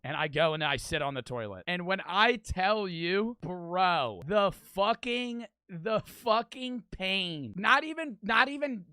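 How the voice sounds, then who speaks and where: A young man telling a crude story in casual, profane, animated fashion. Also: sits high, slow, few pauses, no room sound. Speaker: streamer.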